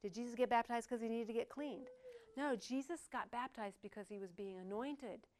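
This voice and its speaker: A woman's voice: fairly high pitch, normal speed, a little mellow. Older woman preacher, conversational sermon with humorous asides. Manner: conversational, joking asides to the congregation.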